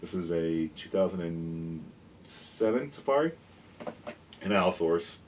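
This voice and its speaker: Eager low-voiced man explaining dinosaurs. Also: animated. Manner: eager, rambling, quick restarts. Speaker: dinosaur educator and toy collector. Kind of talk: casual educational show-and-tell. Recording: mic at a distance, faint background noise.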